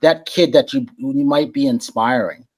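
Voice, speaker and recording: An entertainment journalist appearing as a podcast guest tells stories in a casual interview, warm and friendly like a voice-over, animated and acting out other people's lines. He often restarts sentences, repeating words as he begins. His mid-range voice moves at normal speed with a breathy edge.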